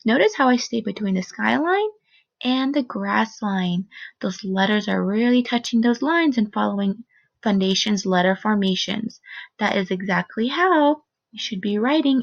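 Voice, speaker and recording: A woman teaching a first grade phonics lesson on video, speaking slowly and clearly in an encouraging teacher voice. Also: medium pitch, lively intonation. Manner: slow, clear, encouraging teacher talk with modeled expression. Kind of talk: recorded phonics lesson for children. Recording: dull, lo-fi sound.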